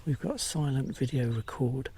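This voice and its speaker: A man vlogging outdoors in a forest while hunting wildlife photos, often dropping to a hushed whisper, with many pauses and fillers. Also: medium pitch, animated, a little hiss or hum. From England. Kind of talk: casual outdoor vlog narration. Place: outdoors in a forest among bracken. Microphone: small handheld camera mic.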